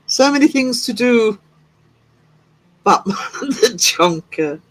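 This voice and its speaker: A man's voice: very high voice, expressive, slow pace, a bit bright, rough recording. A man hosting a livestream, giggling as he reads out chat messages. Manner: giggly, reading chat aloud. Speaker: livestream host. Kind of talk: casual live-stream chat. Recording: faint music behind.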